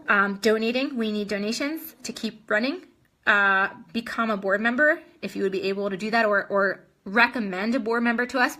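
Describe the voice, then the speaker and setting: Bright-voiced woman chatting on a livestream. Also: mid-range voice. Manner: chatty, many ums and restarts. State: short of breath. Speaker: host of a live video chat. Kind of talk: casual live-stream chat answering comments.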